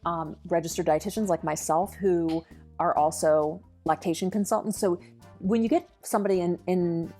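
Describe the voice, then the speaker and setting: A woman's voice: on the low side, fairly even intonation, normal speed, warm tone, soft background music. A middle-aged woman, a lactation consultant and dietitian, speaking earnestly and eagerly as a podcast guest. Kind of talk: podcast interview.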